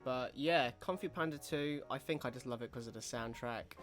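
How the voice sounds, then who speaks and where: A man co-hosting a podcast in casual, animated, rambling chat. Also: medium pitch, moderate pace, soft background music. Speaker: podcast co-host.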